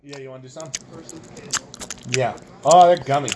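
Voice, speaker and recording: A young man co-hosting a podcast, telling absurd tall tales in a deadpan, rambling way. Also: medium pitch, normal speed, heavy background noise. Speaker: podcast co-host. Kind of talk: absurd comedic banter.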